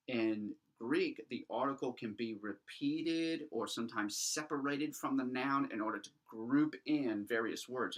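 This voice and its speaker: A man's voice: medium pitch, a bit bright, distant mic, poor audio. A man teaching a Greek grammar lesson at a whiteboard, thinking aloud as he writes and checking in with rhetorical questions. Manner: explanatory, thinks aloud while writing, asks rhetorical checks. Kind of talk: recorded classroom lecture at a whiteboard.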